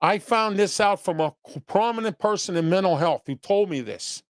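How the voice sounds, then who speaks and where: Man hosting opinion show, blunt and scolding, gravelly, fairly high voice, dry close sound. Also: animated, normal speed, dry recording. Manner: blunt, scolding, rhetorical questions; rambling with restarts and repeated "okay?". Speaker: host of a local commentary show. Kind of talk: opinion commentary, reading viewer chat.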